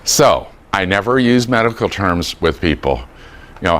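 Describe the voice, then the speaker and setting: A man's voice: low voice, normal speed. A man teaching a dementia care class to a room of people, acting out quoted dialogue as he explains. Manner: animated, acts out quoted dialogue. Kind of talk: lively training lecture. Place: room with a live audience.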